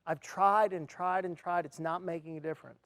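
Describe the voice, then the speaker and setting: Earnest male speaker, slightly high voice, heartfelt storytelling, close dry sound. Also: steady tone, fairly quick, fairly bright tone, no echo. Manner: earnest storyteller, acts out his own reactions. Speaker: speaker at an education event. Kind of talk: motivational talk with personal story.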